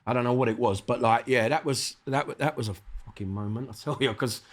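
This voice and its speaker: A middle-aged man with a South London accent, a guest MC telling lively, sweary anecdotes in a casual interview, acting out the dialogue. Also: mid-range voice, brisk, noisy background. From South London, England.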